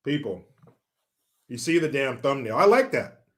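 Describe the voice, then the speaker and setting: A man's voice: medium pitch, sing-song. A man from California hosts a casual livestream and chats through viewer comments. He jokes and swears freely and laughs as he goes. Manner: profane, joking, chatty, pauses to laugh. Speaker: livestream host.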